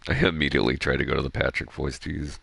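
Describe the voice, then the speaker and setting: Very deep, gravelly rambling gamer. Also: male voice, rapid-fire, no room sound. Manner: rambling, excitable, swears freely. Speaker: gaming streamer. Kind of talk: casual gameplay commentary.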